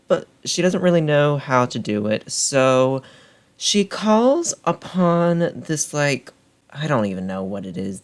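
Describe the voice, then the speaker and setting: A man's voice: mid-range voice, a bit bright. A man recapping a book in a casual vlog, chatty and full of fillers, often laughing. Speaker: book reviewer.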